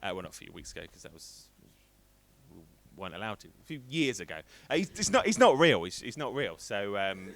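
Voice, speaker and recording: A man's voice: on the low side, very animated, a little fast. A man in his thirties doing a rambling, self-deprecating stand-up set on a stream. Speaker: stand-up comedian.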